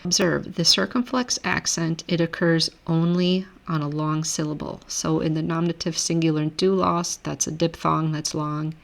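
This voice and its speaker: Low-voiced woman teaching Greek grammar. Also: moderate pace, vocal fry, few pauses. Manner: relaxed, self-correcting explanations. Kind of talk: recorded lecture over screen.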